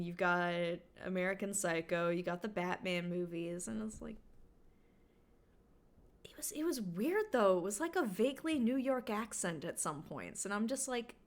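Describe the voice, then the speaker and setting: A woman from Canada streams a game and chats with her viewers. She rambles casually, full of filler words, at an ordinary middle pitch for a woman. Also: a bit bright. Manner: rambling, chatty, lots of filler "like".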